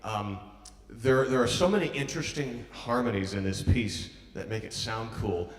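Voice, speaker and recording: A man's voice: on the low side, moderate pace, a little hiss or hum. Encouraging male piano teacher in a hall. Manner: encouraging, hums and counts phrases aloud. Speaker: piano master class teacher. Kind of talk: coaching a pianist through a piece. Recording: echoey hall from far off, piano playing.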